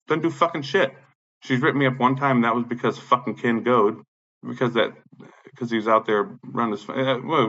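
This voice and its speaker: A man ranting angrily about his neighbors and landlord, swearing constantly and admitting he is high. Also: fairly bright tone, muffled recording. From Illinois. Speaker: tenant complaining about his apartment complex. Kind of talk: angry profane rant.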